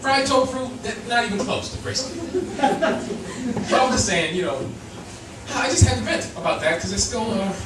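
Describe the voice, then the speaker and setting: A male stand-up comedian telling a story on stage, animated and acting out voices while laughing through his lines. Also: very high voice, moderate pace, long pauses, background noise. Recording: echoey club sound from far off with crowd. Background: laughing audience.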